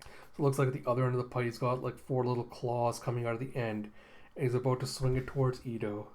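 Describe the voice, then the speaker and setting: A man's voice: medium pitch, flat delivery, quick pace, darkish tone. A man hosting a casual manga readthrough, rambling with lots of fillers and chuckles. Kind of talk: casual reading commentary.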